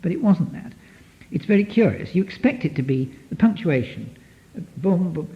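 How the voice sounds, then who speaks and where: A man's voice: sits high, moderate pace. A man lecturing to an audience as a psychotherapist, digressive and full of restarts. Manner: lively, digressive, many restarts, taps out rhythms. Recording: dull lo-fi archive tape.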